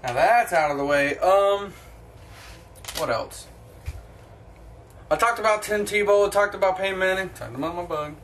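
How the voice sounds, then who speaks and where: A man's voice: sits high, normal speed, long pauses, fairly bright tone, a little hiss or hum. A young man hosting his own sports opinion vlog, talking in a blunt, profane, ranting way. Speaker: sports vlogger.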